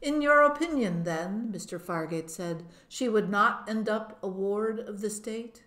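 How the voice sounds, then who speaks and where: A stern male immigration official who questions dryly and skeptically, read by a woman. The pitch stays in a middle range. The audiobook recording has a roomy echo. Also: unhurried, a bit bright, lightly acted. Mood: questioning. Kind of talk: audiobook reading.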